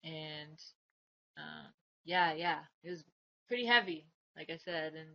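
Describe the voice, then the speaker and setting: A woman reading her own heartfelt letters aloud in a personal vlog, soft, earnest and reflective, her words often trailing off quietly. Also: sits low, measured pace, gravelly, highs cut off. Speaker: vlogger.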